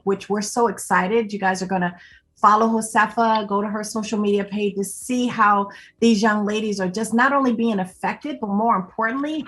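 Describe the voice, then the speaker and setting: A woman's voice: mid-range voice, a bit bright. A woman co-hosting a live online show, giving an earnest, rambling thank-you full of "um"s and repeated phrases. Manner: earnest, repeats "more importantly", many "um"s. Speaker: co-host. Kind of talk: heartfelt closing thanks on a live video show.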